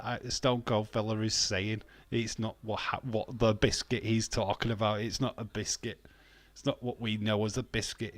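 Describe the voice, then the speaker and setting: A man's voice: fairly low pitch, no echo. A man hosting a live stream, chatting casually with viewers, teasing them and chuckling as he reads out their comments. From England. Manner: teasing, chuckling, banters with chat, muses aloud.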